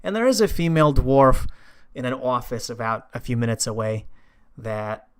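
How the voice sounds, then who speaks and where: A man's voice: medium pitch, moderate pace, clear, resonant tone. A man narrating a tabletop game as game master, in a casual, filler-heavy way.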